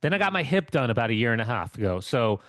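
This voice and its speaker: A man's voice: medium pitch, sing-song, fast talker, a bit bright, no room sound, clean studio sound. A man co-hosting a podcast and chatting casually, telling rambling stories with lots of restarts. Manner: rambling storyteller with many restarts. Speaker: co-host.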